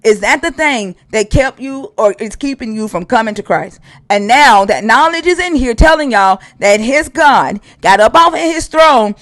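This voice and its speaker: A man with a high, insistent voice cross-examines a caller on his live stream. He curses constantly and hammers the same question over and over. The sound is dry and close to the mic. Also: bright, forceful tone, dry recording. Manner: profane, interrogating, repeats questions insistently. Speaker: stream host. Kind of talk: heated debate on a live stream.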